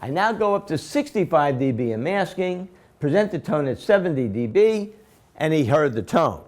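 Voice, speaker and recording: An instructor with a slightly high voice and big pitch swings speaks at normal speed in a classroom lecture. He walks his students through a procedure step by step, explaining repetitively and quizzing them with questions again and again.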